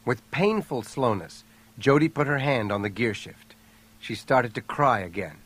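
A man narrates a thriller audiobook at a mid-range pitch. His delivery is steady and even, with a clear storytelling rhythm. It stays measured through the action. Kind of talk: scripted narration.

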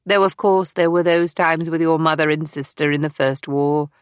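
A woman reading the part of an older woman, a former wartime intelligence officer, in a brisk, dry, matter-of-fact manner in an audiobook. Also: deep voice, little pitch movement, clean tone, dry recording, lightly acted.

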